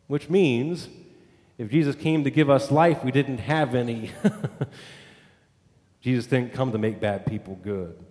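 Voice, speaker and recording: A man's voice: mid-range voice, unhurried, pauses often, a little mellow, echoey room, long reverb tail. A male pastor preaching a sermon, emphatic, building points through repeated lists.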